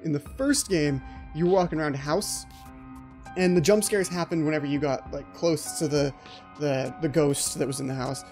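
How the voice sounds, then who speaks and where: A man's voice: on the high side, fairly even intonation, normal speed, darkish tone, soft background music. A man giving horror game let's play commentary as the channel host, jumpy and anxious, often repeating his pleas.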